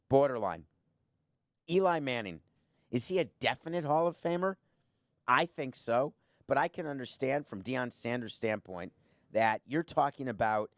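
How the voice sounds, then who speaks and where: A man's voice: medium pitch, no echo. A middle-aged man hosting a sports talk show from a studio, giving combative opinions and teasing his producer. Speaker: sports podcast host. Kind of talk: opinionated sports commentary monologue.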